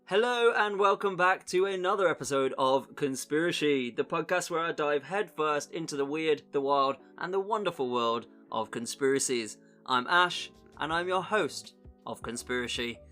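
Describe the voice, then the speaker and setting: A man hosting a comedy podcast, jokey and energetic, with dramatic storytelling pauses. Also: fairly high pitch, soft background music. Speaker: podcast host.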